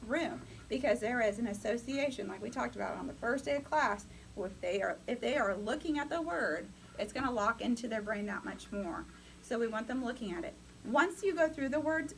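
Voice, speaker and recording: A woman's voice: a little high, fairly bright tone, slight background noise, rough recording. A woman teaching future teachers in a classroom, upbeat and coaching, often calling on students. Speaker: teacher educator. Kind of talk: classroom lecture.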